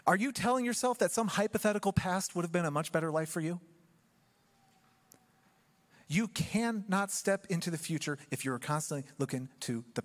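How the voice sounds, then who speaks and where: A man preaching a sermon in church, telling the story with humor and acting out quick asides. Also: sits high. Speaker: pastor.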